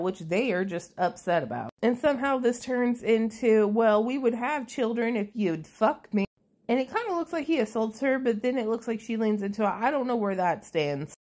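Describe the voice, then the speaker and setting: A woman's voice: medium pitch, a little mellow. A woman recapping a movie in a casual, chatty way, sarcastic and full of swearing.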